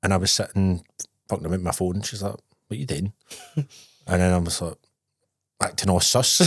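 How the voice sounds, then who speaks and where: A man's voice: on the low side, fairly quick, pauses often, husky, no room sound, clean studio sound. A man with a Scottish accent co-hosting a podcast, telling sweary, laughing stories in casual chat. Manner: laddish, sweary storytelling with bursts of laughter. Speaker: podcast co-host.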